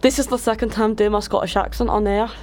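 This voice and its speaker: A woman's voice: mid-range voice, fairly even intonation, fast, darkish tone, slight background noise. A woman co-hosting a live event show, playful and gossipy. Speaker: studio co-host.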